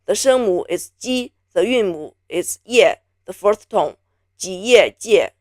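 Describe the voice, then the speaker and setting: Woman from beijing teaching pronunciation, slow and patient, repeats each sound over and over, dry close sound. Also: mid-range voice, lively intonation, darkish tone, dry recording. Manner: patient, drills sounds by repeating them slowly. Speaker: Mandarin teacher. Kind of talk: pronunciation lesson.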